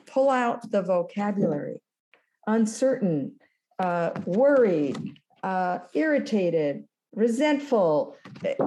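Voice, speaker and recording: A woman in her sixties, a guest in an interview, telling a story with lively acted-out dialogue. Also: fairly low pitch, slight background noise. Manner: animated storyteller, acts out dialogue. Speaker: guest, former business school lecturer.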